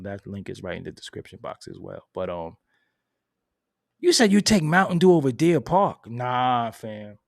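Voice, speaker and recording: A man hosting a casual live stream, answering chat in a loud, laughing, profane way that swings from mumbling to shouting. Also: medium pitch, creaky, no room sound, studio quality. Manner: reads and answers viewer chat. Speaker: host.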